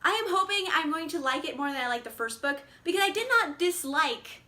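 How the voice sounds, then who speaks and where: A woman's voice: high voice, animated, brisk, sharp tone. A young woman chatting casually about her reading plans, bubbly, laughing often and saying like a lot. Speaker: book vlogger. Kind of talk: casual chat.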